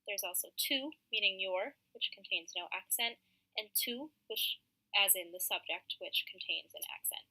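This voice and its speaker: A woman's voice: medium pitch, moderate pace, bright, forceful tone, rough recording. A young woman narrating a slideshow presentation for a class, reading from her slides with frequent ums.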